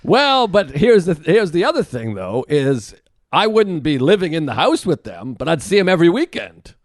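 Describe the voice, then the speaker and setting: A man co-hosting a comedy podcast in casual chat, excitable and teasing with crude banter. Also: a little high, moderate pace, dry recording, studio quality. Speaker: podcast co-host.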